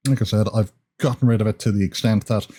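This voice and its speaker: A man's voice: lowish voice, fairly even intonation, quick pace, warm tone. A man from Ireland whose Irish accent has been partly Americanized, giving creator tips in a chatty, rambling vlog with self-deprecating jokes. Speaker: YouTube creator. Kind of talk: casual advice vlog.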